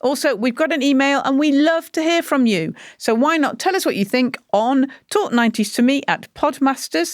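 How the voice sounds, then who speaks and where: Cheerful podcast host woman, lively pitch. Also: normal speed, few pauses, soft background music. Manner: cheerful, laughs often. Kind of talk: interview and podcast outro.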